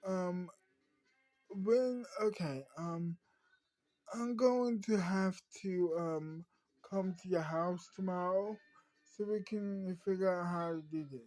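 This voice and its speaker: A man voicing a calm, fatherly lawyer who speaks reassuringly. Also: high-pitched, slow, no room sound, soft background music, rough recording. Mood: businesslike.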